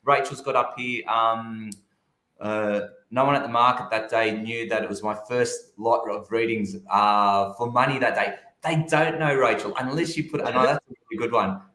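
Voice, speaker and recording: A man's voice: mid-range voice, normal speed, reverberant. A man co-hosting a casual chat, telling stories and acting out what people said. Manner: animated storytelling, acts out quotes. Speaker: co-host.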